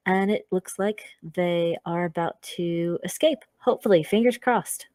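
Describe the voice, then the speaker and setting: A woman with a fairly low voice reads her character's backstory, hesitant and full of ums and corrections. The sound is dry and close. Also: moderate pace, a little mellow, dry recording. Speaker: player. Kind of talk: casual reading of a character backstory. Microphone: online voice call.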